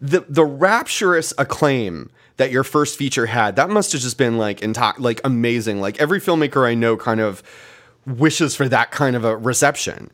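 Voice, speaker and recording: A man's voice: mid-range voice, animated, moderate pace, a bit bright. A man hosting a podcast interview, chatty and enthusiastic, with frequent "like" fillers. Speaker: podcast host. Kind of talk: casual interview.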